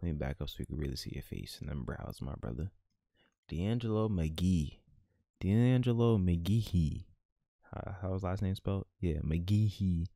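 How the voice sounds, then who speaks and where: Brief: male gaming host with a low voice, dry close mic, casual slangy commentary. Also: normal speed, no echo. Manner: animated, slangy, laughs at his own jokes. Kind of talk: casual let's-play commentary.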